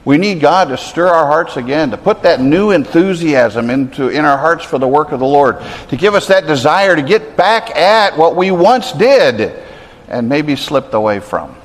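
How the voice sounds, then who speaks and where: A man's voice: on the high side, animated, moderate pace, long reverb tail. A man preaching a sermon, earnest and conversational, building to emphatic peaks. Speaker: pastor.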